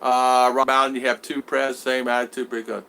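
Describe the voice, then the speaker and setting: A vlogger rambles through a live stream answering his chat, animatedly acting out both sides of conversations, using a higher voice for the other parts. He speaks a little fast with vocal fry and a clean tone.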